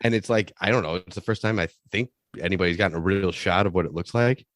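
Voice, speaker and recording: A man's voice: sits low, fairly bright tone, no room sound, studio quality. A man co-hosting a podcast in casual chat, rambling with many restarts and swearing freely. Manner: rambling, halting restarts, profane. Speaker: podcast co-host.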